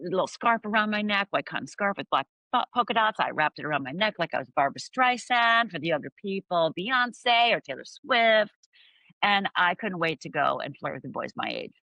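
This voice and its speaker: A middle-aged woman from Upper Michigan tells her story as an interview guest. She brings each moment to life and acts out the voices. Her voice is bright and sharp, recorded dry and close. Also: lowish voice, no echo, poor audio.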